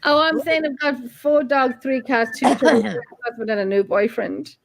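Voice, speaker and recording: A woman's voice: high voice, fairly even intonation, moderate pace, creaky, no echo. A woman chatting casually in a group, laughing easily and poking fun at herself. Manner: laughing, chatty and self-deprecating. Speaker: group chat participant.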